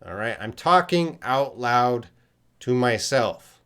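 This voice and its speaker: A man's voice: medium pitch, sing-song, measured pace, a bit bright, smooth. A middle-aged man with a Canadian accent, an English teacher answering viewers' chat questions on a live stream, patient and thinking aloud with ums and hmms.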